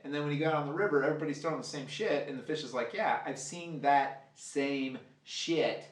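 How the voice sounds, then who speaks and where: A man giving a casual, profane live fly-tying demo, rambling and joking as he works. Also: on the high side. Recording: roomy sound, mic at a distance.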